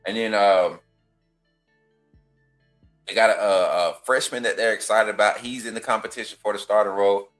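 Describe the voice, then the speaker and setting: A man's voice: on the low side, fairly even intonation, moderate pace, pauses often, a bit bright, faint music behind. Trash-talking man hosting sports talk. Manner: trash-talking, rambling with restarts, apologetic laughs. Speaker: host of a football call-in show.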